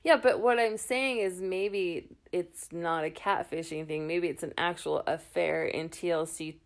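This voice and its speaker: A woman's voice: fairly low pitch, unhurried. A woman hosting a podcast, chatting casually and reading messages aloud with awkward laughs. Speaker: podcast host. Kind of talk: casual chat recapping a show.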